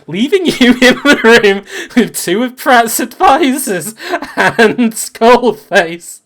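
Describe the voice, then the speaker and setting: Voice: medium pitch, lively intonation, a bit bright. Laughing, chatty game master. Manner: chatty, laughing narration with quick asides. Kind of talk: narrating a tabletop game.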